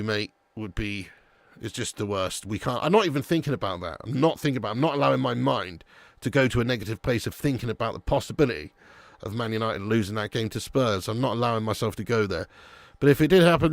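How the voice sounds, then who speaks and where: A man's voice: lowish voice, quick pace, gravelly, no echo. A young man hosting a live football watch-along stream, chatting casually with viewers and swearing now and then. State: a little sleepy.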